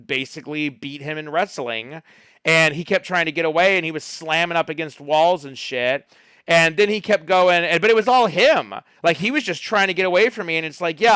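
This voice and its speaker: Bright, crisp-voiced man ranting. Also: on the high side, no room sound. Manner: profane, ranting storyteller. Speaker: player. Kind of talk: casual pre-game chat.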